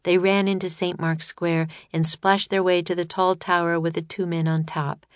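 A woman reading a children's storybook aloud in steady, clear narration. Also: fairly low pitch, normal speed. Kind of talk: scripted audiobook narration.

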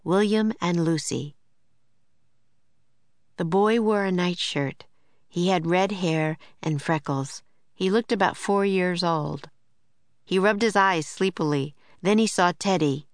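A woman reading a children's chapter book aloud in an even, clear storytelling voice. Her pitch sits on the low side. The recording is close and dry with no room sound. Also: takes it slowly, pauses often, no echo. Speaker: audiobook narrator. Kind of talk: scripted narration.

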